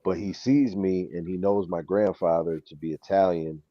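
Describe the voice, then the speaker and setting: His low voice moves at normal speed as he, a co-host with a New York accent, chats casually and tells a lively story, voicing the people in it. The audio sounds dull and lo-fi.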